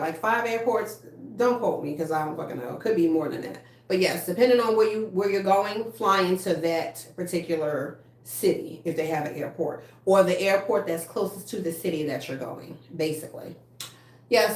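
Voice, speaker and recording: A woman in her thirties hosting a casual livestream, chatting bluntly with lots of cursing and reading viewer comments. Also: mid-range voice. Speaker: livestream host. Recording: echoey room.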